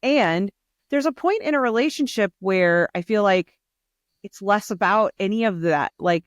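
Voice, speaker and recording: A woman's voice: medium pitch, normal speed, dry recording, studio quality. A woman hosting a podcast in casual chat, reflective and thinking aloud with plenty of hedging fillers. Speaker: podcast host.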